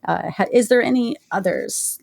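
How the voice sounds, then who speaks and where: A woman's voice: medium pitch, normal speed, gravelly, a little mellow, no room sound. A woman hosting a podcast, chatting casually and enthusiastically with lots of fillers. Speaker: podcast host. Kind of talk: casual chat.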